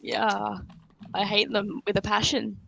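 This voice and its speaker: A woman's voice: mid-range voice, monotone, measured pace, vocal fry, fairly bright tone, rough recording. A young woman guesting on a casual podcast chat, chatty and matter-of-fact with lots of fillers.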